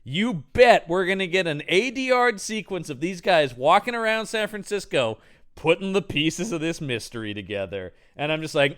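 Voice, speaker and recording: A man co-hosting a casual movie podcast, animated and jokey, often slipping into mock voices for characters. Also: on the high side, moderate pace, clear, resonant tone. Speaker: podcast co-host. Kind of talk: casual movie-riff chat.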